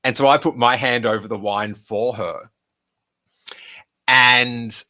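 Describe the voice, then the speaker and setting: Bright-voiced man telling a story. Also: medium pitch, slow, pauses often. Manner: chatty, rambling anecdote with many "like" fillers. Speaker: podcast host. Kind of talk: live stream Q&A storytelling.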